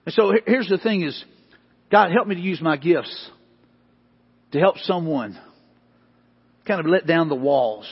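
High-voiced preacher, husky and echoing. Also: male voice, a little slow, pauses often. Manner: animated, conversational preaching with repeated catchphrases. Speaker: pastor. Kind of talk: sermon. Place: church sanctuary. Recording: echoey hall, slightly dull sound.

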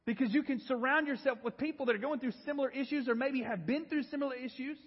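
A man's voice: extremely high pitch, fast talker, breathy edge, in a large hall, muffled recording. A man preaching a sermon in a church and sharing an earnest personal testimony. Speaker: pastor. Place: church sanctuary.

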